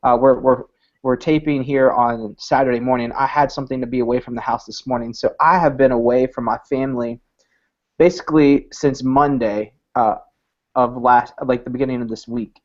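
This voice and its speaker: A male pastor speaks at a middle pitch in a thoughtful, halting way, full of hesitations and fillers. It is a casual podcast chat. The sound is muffled and lo-fi. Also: a little mellow. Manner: reflective, halting, many fillers.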